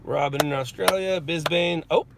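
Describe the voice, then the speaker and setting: A man's voice: on the high side, normal speed, vocal fry, heavy background noise. A man working as a news stringer, chatting and joking with live-stream viewers from inside a parked car, talking into his phone. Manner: joking, chatty, laughs often. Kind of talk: casual live-stream chat.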